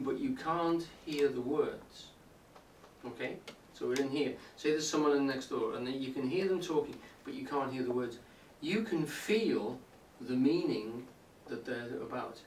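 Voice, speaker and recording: A man lectures on poetry to a live audience, explaining patiently and often asking whether they follow. His voice, neither high nor low, is picked up from a distance in a roomy hall. A faint background hiss sits under the recording. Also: darkish tone. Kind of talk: public talk on poetry. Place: indoor room with a live audience.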